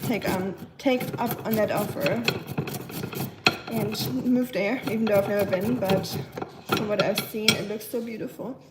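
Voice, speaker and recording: A woman with a steady, mid-range voice talks at a measured pace while cooking on a casual live stream, responding to chat and viewers. She sounds slightly nasal and stuffy, and her propped-up phone picks up an echoey home kitchen with clear cooking noise.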